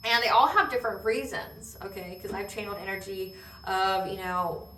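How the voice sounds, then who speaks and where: A woman's voice: medium pitch, normal speed, bright, forceful tone, slight background noise. A woman giving a casual spiritual tarot reading, rambling with many fillers and checking in with "okay?". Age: adult. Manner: laughs while telling stories. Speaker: tarot reader. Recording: roomy echo, distant mic.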